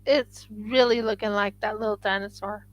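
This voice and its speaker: A woman's voice: mid-range voice, steady tone, normal speed, no echo, rough recording. A woman live-streaming her craft work, chatting casually and thinking aloud to viewers as she sculpts.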